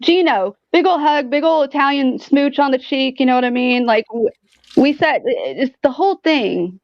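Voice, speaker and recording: A woman guest telling a story in casual chat, animated and profane, filling her talk with "like". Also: sits high, moderate pace, no echo, highs cut off. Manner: animated, profane, heavy use of "like".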